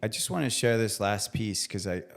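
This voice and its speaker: A man's voice: fairly low pitch, normal speed, gravelly. A man in his forties, a guest chef talking earnestly on a podcast, often restarting as he searches for words. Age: 40s. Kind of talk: reflective podcast conversation.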